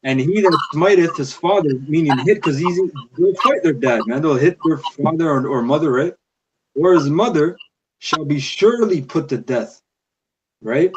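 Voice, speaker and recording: A man's voice: a little high, expressive, normal speed, lo-fi sound. Man, discussion participant, slangy and casual, reads scripture aloud; noisy recording.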